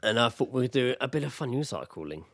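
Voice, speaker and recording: A man's voice: mid-range voice, sing-song, fast, fairly bright tone, dry recording. A man co-hosting a podcast, joking in casual chat with mock-indignant banter and swearing. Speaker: podcast co-host.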